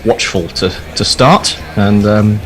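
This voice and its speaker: A man's voice: lowish voice, slow, low-quality recording. Easygoing man hosting cricket commentary. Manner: easygoing, chatty, laughs readily. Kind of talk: casual ball-by-ball commentary.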